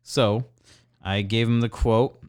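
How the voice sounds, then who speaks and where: A man's voice: mid-range voice, slow pace, clean tone. A young adult man co-hosting a podcast, telling a store story in casual chat and mimicking customers with a raised voice. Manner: animated, mimics customers in raised voice, swears freely. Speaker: podcast co-host.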